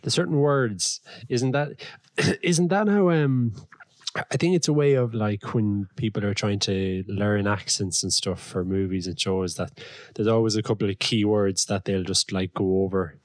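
A young Irish man with a fairly low voice spins wry stories in podcast banter. His lively delivery is heard up close and dry. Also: measured pace, no room sound. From Ireland. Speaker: podcast co-host. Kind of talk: casual banter.

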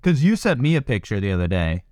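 A man's voice: mid-range voice, very animated, quick pace, darkish tone, dry recording, clean studio sound. A young man co-hosting a podcast in casual chat, joking and teasing and laughing often. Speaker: podcast co-host.

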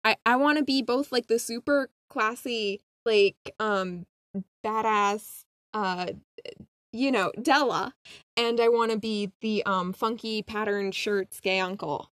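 Excitable young woman, dry close sound. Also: on the high side, smooth, dry recording. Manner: excitable, laughs often, quick asides. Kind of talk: casual fan chat.

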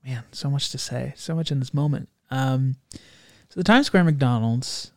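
A man's voice: medium pitch, unhurried, no echo, clean studio sound. A young man in casual chat, animatedly telling a funny travel story and acting out the people in it.

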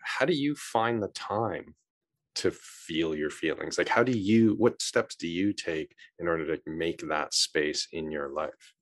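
A male host with a very low voice, asking his guest thoughtful questions. He hedges and frames each question with care, and the sound is dry and close. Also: animated, measured pace, no room sound. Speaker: interviewer, host. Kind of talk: conversational interview questions.

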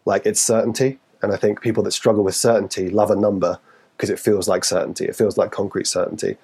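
Animated husky Geordie man. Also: fast. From Newcastle, England. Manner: animated, acts out quotes with sudden high pitch. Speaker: podcast co-host, fitness coach. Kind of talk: casual chat.

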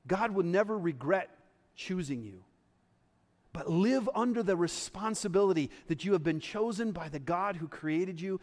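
A man with a notably high speaking voice delivers a sermon, talking to the congregation like a friend while pressing his points home. His words ring out with a long reverb, as if in a large church sanctuary. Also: darkish tone. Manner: conversational, emphatic preaching with asides to the congregation. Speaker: pastor.

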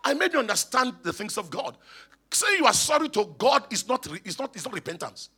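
A man's voice: high voice, big pitch swings, a little fast, sharp tone, husky, faint music behind. A man, a bishop preaching emphatically in church and calling on the congregation to respond. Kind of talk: sermon. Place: church hall.

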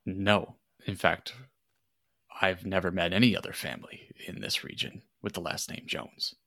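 A man's voice: sits low, moderate pace, gravelly, bright, forceful tone, dry recording, studio quality, heavily acted. A man voicing a nervous, fussy professor who stammers and speaks formally. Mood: polite.

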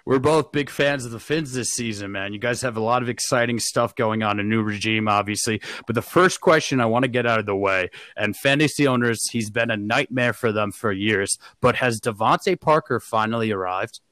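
A man's voice: medium pitch, a little fast, hardly any pauses, a bit bright, no echo. A young man hosting a casual sports podcast, slangy and laid-back, often laughing. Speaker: podcast host.

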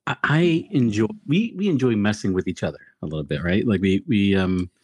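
A man's voice: on the low side, animated, brisk, a little mellow, husky. A middle-aged man co-hosting a casual chat, teasing his friend and laughing often. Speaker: podcast co-host.

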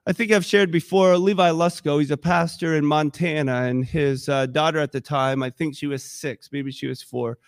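High-voiced impassioned male pastor. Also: steady tone, normal speed, few pauses, no room sound, studio quality. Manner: impassioned, conversational, emotional. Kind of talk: sermon. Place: church.

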